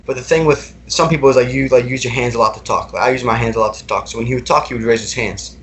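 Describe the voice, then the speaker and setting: A man's voice: medium pitch, fairly even intonation, fast, a bit bright. A young man recounting personal experiences as a podcast guest, talking casually with lots of fillers and repeated words.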